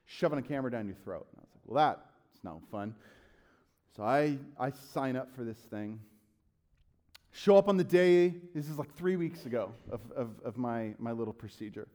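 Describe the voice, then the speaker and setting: A man preaching a sermon as a pastor, telling a personal story in a lively way and acting out his own loud outbursts. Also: mid-range voice, brisk.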